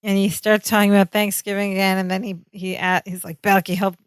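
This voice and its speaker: A woman's voice: medium pitch, flat delivery, fast talker, clean tone, no echo. Female podcast co-host, mid-range voice, casual chatty recap, dry sound. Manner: chatty, finishes her partner's sentences. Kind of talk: casual episode recap chat.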